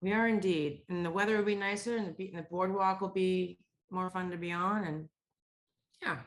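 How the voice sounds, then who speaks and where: Female podcast co-host, slightly low voice, candid and foul-mouthed. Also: fairly even intonation, fairly quick. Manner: candid, swears freely. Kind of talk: casual podcast chat.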